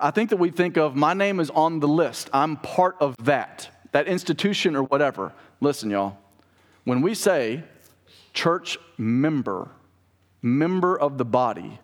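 A man preaching a sermon to a congregation, talking in a casual, conversational way with frequent asides to the people in front of him. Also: medium pitch. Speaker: pastor. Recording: long hall reverb.

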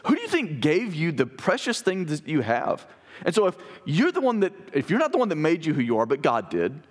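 A male pastor with a fairly high voice delivers a sermon from a church sanctuary. He reads scripture, then explains it in a conversational tone and puts questions to the congregation. His pitch swings widely.

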